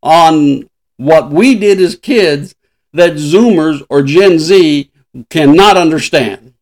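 High-voiced older man telling stories. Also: slow pace. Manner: chatty, laughing storyteller. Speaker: podcast host. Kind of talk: casual chat.

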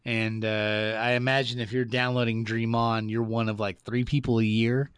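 A man co-hosting a podcast, chatting casually in a blunt, animated way. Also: moderate pace, clear, resonant tone, dry recording, clean studio sound. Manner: animated, blunt, jumps up in pitch when worked up. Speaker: podcast co-host. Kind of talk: casual chat.

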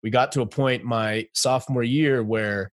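A man in his forties, a guest entrepreneur telling his story in a casual interview, animated, laughing often, with many fillers. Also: mid-range voice, normal speed, dry recording, studio quality.

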